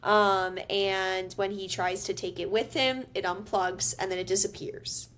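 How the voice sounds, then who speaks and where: A woman co-hosting a podcast, casually recapping a film with relaxed ums and likes. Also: mid-range voice, unhurried, slight background noise. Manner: easygoing storytelling with frequent ums and likes. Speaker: podcast co-host. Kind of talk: casual movie recap chat.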